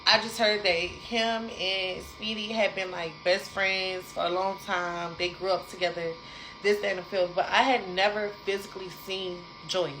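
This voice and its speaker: A young adult woman casually telling a personal story to her viewers, animated and repetitive, talking straight to the audience. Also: mid-range voice, a little hiss or hum, poor audio.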